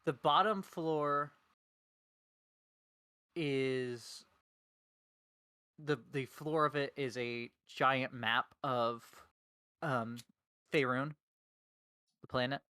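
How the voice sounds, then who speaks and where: A man running a tabletop game as game master, narrating slowly and stopping to search for words. His mid-pitched voice is recorded dry and close, with no room around it. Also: steady tone, bright, forceful tone, clean tone, no room sound. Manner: slow, halting narration with many fillers.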